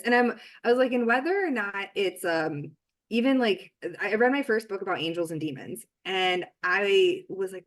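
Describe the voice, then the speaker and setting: Woman author chatting on a podcast, mid pitch, rambly, lots of likes and restarts. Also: brisk. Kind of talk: casual podcast conversation.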